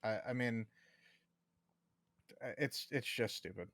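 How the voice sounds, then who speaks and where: A man co-hosting a casual podcast discussion, talking in an animated way and swearing casually. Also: medium pitch, slow, no echo, clean studio sound. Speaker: co-host.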